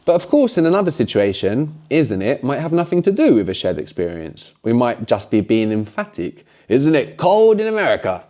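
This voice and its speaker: A man's voice: mid-range voice, very animated, fairly quick, hardly any pauses, mellow. A man teaching a language lesson, explaining patiently and often closing points with a questioning "no?".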